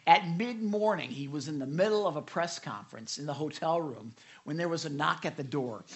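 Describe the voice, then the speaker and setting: A man preaching a sermon, telling a story and acting out quoted lines with a conversational, animated delivery and frequent asides to his listeners. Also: brisk. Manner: animated storytelling, acts out quotes with raised pitch. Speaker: pastor.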